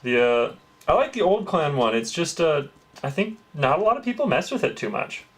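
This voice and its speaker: A man's voice: fairly high pitch, very animated, normal speed. A man hosting a crafting livestream, chatting casually and answering his chat as he works. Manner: chatty, reads and greets chat, swears lightly.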